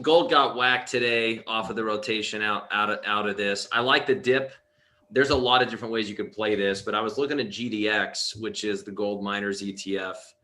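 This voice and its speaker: A man's voice: lowish voice, bright, forceful tone. A man, a trading coach, confidently walking through a trade step by step. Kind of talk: casual trading chat.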